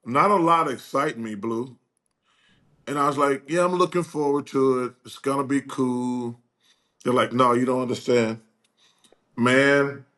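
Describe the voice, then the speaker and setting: An older man telling stories as a guest in a casual chat, acting out quoted dialogue with lively energy. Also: mid-range voice. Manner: animated, acts out quoted dialogue.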